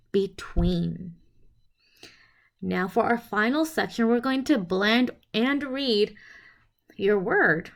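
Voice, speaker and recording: Woman walking thru a phonics lesson, slow and sing-songy, sounds out letters one by one. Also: mid-range voice, animated. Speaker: teacher presenting a literacy lesson. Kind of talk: instructional presentation.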